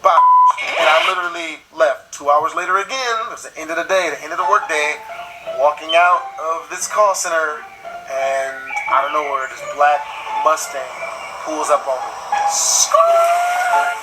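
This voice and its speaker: A man's voice: a little high, moderate pace, loud music behind the voice. A young man telling a comic story in casual slang, acting out the voices of the people in it. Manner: lively, slangy, acts out every voice.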